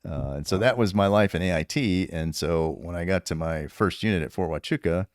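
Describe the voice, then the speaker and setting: A man in his fifties, a retired sergeant major and podcast guest, telling stories casually with an animated, profane manner and lots of laughter. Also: low-pitched, fairly quick, no room sound, studio quality. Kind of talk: casual storytelling.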